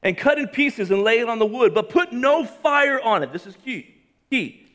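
A man preaching a sermon, reading scripture aloud and commenting on it with humor and emphasis, swinging between loud raised lines and quiet, low drops. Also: big pitch swings, moderate pace. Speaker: pastor.

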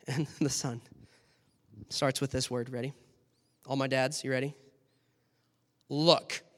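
A man preaching a sermon, telling the story in an animated way and acting out its scenes. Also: medium pitch, slow pace. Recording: long hall reverb.

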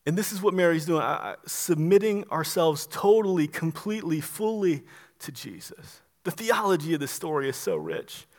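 A man preaching a sermon as pastor, earnest and emphatic, often stumbling into quick restarts. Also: fairly high pitch, expressive.

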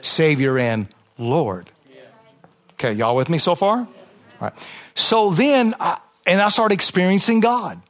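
A man's voice: high voice, animated, unhurried. A man, a pastor giving an impassioned, conversational testimony sermon to a congregation in church, with emphatic repetition.

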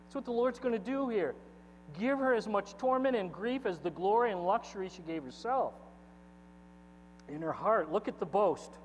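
A man's voice: high-pitched, animated, normal speed. A man preaching a sermon, reading scripture aloud and pressing the lines home with sudden bursts of force. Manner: expository preaching, reading scripture aloud with emphatic swings in loudness. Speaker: pastor. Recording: dull echoey hall with mains hum.

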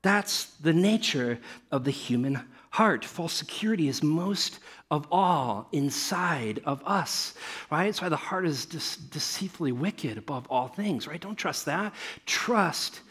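A middle-aged pastor preaches an animated sermon, often putting rhetorical questions to his listeners. His voice is a little high and husky, and he takes his time.

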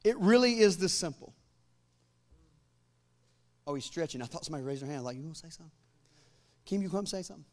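A man in his forties preaching a sermon as pastor, joking with the congregation and building to loud, fervent declarations. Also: fairly high pitch, lively intonation, quick pace, pauses often. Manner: humorous asides to the congregation.

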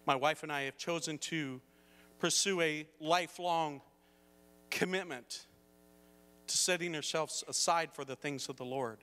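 A middle-aged male pastor with a fairly high, bright voice preaches in a church hall. He moves between storytelling and emphatic preaching. A long reverb trails behind his words. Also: unhurried, pauses often, a little hiss or hum. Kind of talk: sermon.

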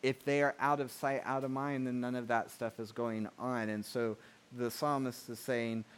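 A man preaching a sermon, talking conversationally and reading scripture slowly and softly. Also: mid-range voice, fairly even intonation, a little hiss or hum. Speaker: pastor.

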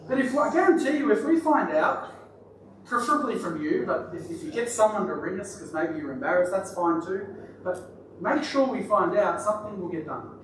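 High-voiced male pastor, casual joking sermon, very echoey distant hall recording with noise. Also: lively intonation, brisk. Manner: chatty, joking aside to the congregation. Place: church hall.

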